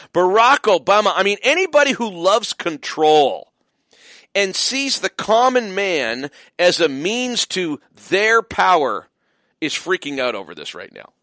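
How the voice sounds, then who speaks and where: A man's voice: a little high, a bit bright, no echo, studio quality. A man hosting a talk radio show, delivering an emphatic, mocking opinion monologue full of fillers.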